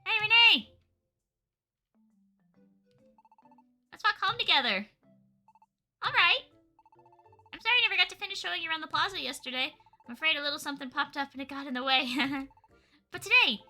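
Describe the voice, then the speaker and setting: An eager young Pokémon kid gushes in high, breathless bursts, as a woman reads the game's lines aloud. The voice is very bright and sharp, with the game's music running faintly underneath. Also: expressive, quick pace, exaggerated voice. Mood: cheerful. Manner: breathless, gushing.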